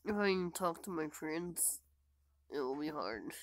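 A woman who is sick and hoarse, talking tiredly through a game and often dropping to a whisper. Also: sits low, lively intonation, a little slow. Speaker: gamer. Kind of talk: casual gameplay commentary.

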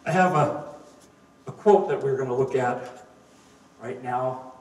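A man's voice: mid-range voice, a little slow, a little mellow. A man preaching a sermon, telling jokes and stories in a folksy, conversational way. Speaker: pastor. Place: church sanctuary. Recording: echoey room, mic at a distance.

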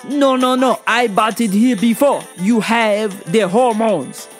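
A woman voicing a pushy, insistent female store customer who talks loudly and keeps repeating herself. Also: on the high side, takes it slowly, faint music behind.

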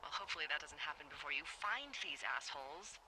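A woman's voice: low voice, expressive, sharp tone, a little hiss or hum, full character voice, rough recording. An actress playing a witty woman lookout supervisor speaking over a handheld radio in a video game, with a teasing, playful manner. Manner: teasing, playful, quick-witted.

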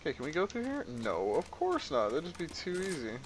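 A man's voice: a little high, fairly quick, slight background noise. A man giving casual let's-play commentary, swearing and crying out when startled. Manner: lively, swearing, startled outbursts. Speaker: gameplay commentator.

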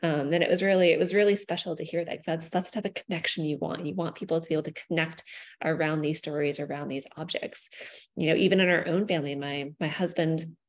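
Woman, founder, live online talk, animated storytelling, lowish voice. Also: fast. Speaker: company founder. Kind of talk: casual live discussion.

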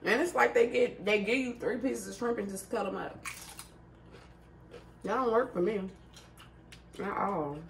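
A woman's voice: medium pitch, unhurried, vocal fry, pauses often. A woman in her thirties chatting casually at a food video, laughing often and talking loose and salty. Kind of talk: casual mukbang chat. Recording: far from the mic with faint noise.

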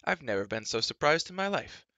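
Man voicing an excitable young prince, gushing, higher and brighter than the narration. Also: brisk, no echo, dull audio. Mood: eager. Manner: breathless, gushing.

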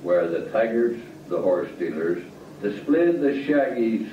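A man reading a story aloud slowly and deliberately. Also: fairly low pitch, darkish tone, slight background noise. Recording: distant, echoey, dull lo-fi.

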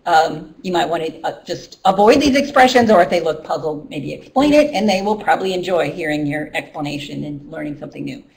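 Heard from afar in a workshop room, a middle-aged woman speaks in a lowish, darkish voice. She's an ESL teacher leading a training session in a loose, conversational style full of ums and restarts.

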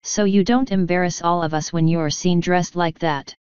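A woman's voice: lowish voice, fairly even intonation, normal speed, a little mellow, smooth, no echo, muffled recording, lightly acted. A woman reading the part of a stern, fussy female servant who scolds and gives orders. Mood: scolding. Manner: scolding, bossy.

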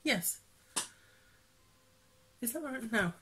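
Showing off her stitching projects in a cross-stitch vlog, a woman chats casually and rambles, full of fillers and frequent laughter. Her voice is on the high side with lively intonation and a slow pace, over a very noisy background.

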